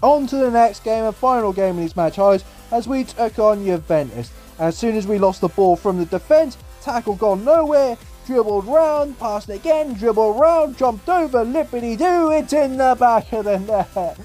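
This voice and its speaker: A young man giving casual commentary over football game highlights, exasperated and swearing about his team. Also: expressive, moderate pace, hardly any pauses, dark tone, soft background music. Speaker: gaming YouTuber.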